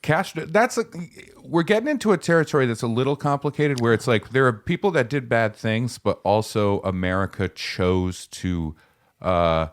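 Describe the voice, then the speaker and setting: A man's voice: medium pitch, normal speed. A man co-hosting a comedy podcast, joking and riffing in casual banter. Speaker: podcast co-host.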